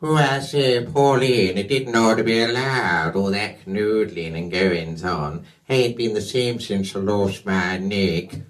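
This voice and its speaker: A man's voice: lowish voice, measured pace, few pauses, natural voice. Brief: male impressionist doing a theatrical camp older man, nasal, fussy. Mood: prim. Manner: prim, drawling, swooping exclamations.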